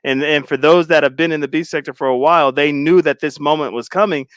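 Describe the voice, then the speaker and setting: A man's voice: fairly high pitch, steady tone, fast talker, a bit bright, clean tone, dry recording, clean studio sound. A man hosting a casual online talk show, reacting and asking his co-hosts questions. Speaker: host. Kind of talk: casual commentary chat.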